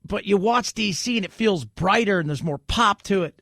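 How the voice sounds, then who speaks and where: A male talk radio host riffs in a chatty, joking way. His voice sits high and has a gravelly edge, caught close on a dry studio mic. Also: animated, normal speed, pushed and bright, dry recording. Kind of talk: casual opinionated talk radio.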